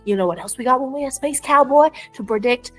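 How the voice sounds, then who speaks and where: Playful folksy woman, cowboy-style pitch. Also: fast talker, a bit bright, low-quality recording. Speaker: clinic business promoter. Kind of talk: comedic promotional monologue in a cowboy persona. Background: faint music.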